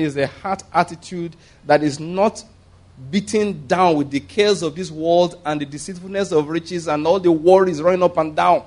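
A man preaching a sermon, animated and humorous, often restarting sentences and acting out the voices he quotes. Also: fairly high pitch.

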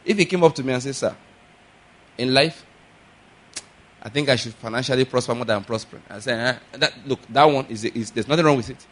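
A man preaching a sermon, telling stories with animated swings between loud exclaims and quieter asides. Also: mid-range voice, brisk, long pauses. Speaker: pastor.

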